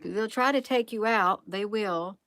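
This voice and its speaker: A woman's voice: medium pitch, normal speed, fairly bright tone, dry recording. A woman hosting a casual livestream, musing aloud, reading from the screen and answering chat. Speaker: livestream host.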